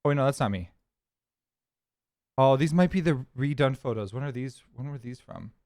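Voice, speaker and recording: A man's voice: medium pitch, animated, moderate pace, darkish tone, no echo, studio quality. A man from California streaming, telling a story in a casual, rambling, chatty way. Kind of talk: casual chat.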